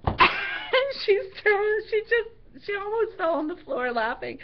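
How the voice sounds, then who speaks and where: This middle-aged Canadian craft streamer has a very high-pitched voice and takes her time, telling a story while she works. Giggly and animated, she laughs often. Her stream sounds dull and lo-fi with faint noise.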